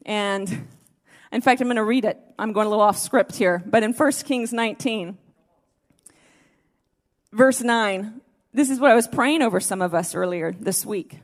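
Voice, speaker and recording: A woman's voice: mid-range voice, moderate pace, long pauses, in a large hall. A woman pastor preaching a sermon to a congregation, dropping to near-whispers and then rising to fervent exhortation. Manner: swings from hushed near-whispers to emphatic raised exhortation. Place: church service before a congregation.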